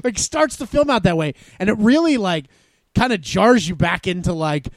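A man co-hosts a casual film-review podcast, rambling as he thinks aloud. His voice is high with a gravelly fry. It is recorded dry and close. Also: expressive, normal speed, no room sound. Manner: rambling, full of "like" fillers. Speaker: podcast co-host.

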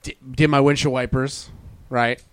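A man co-hosting a podcast, telling animated stories in casual chat. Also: mid-range voice, normal speed, clean tone, no room sound. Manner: animated storyteller, stubborn bragging. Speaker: podcast co-host.

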